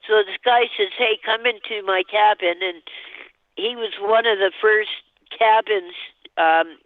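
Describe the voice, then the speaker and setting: A woman calling in to a show, telling a personal story in a halting, rambling way with nervous laughs. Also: medium pitch, dry recording. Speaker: caller. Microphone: telephone. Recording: tinny phone line.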